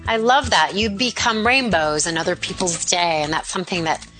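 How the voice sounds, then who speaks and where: Bright-voiced woman radio host. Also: lowish voice, normal speed, faint music behind. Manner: warm, effusive, laughs easily. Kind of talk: casual radio talk.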